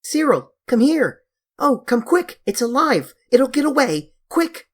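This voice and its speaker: An audiobook reader voicing an eager, stubborn young girl who cries out in high, loud, urgent pleas. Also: sing-song, a little slow. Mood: alarmed.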